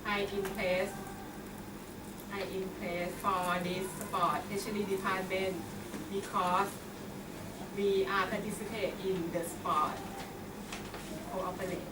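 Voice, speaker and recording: Halting woman, slow and flat. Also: mid-range voice. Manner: halting, repeats words. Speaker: club speaker. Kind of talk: short prepared speech. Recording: distant echoey room with loud noise.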